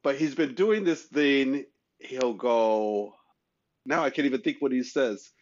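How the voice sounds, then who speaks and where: Earnest man telling stories, lo-fi sound. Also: a little slow. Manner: earnest storyteller, acts out quoted voices with rising pitch. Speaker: podcast co-host. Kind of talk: casual chat.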